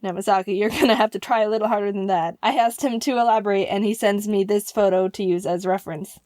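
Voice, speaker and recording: A young woman narrating a funny personal story in a vlog, animated and quick to laugh, acting out the lines she quotes. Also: mid-range voice, no room sound, studio quality.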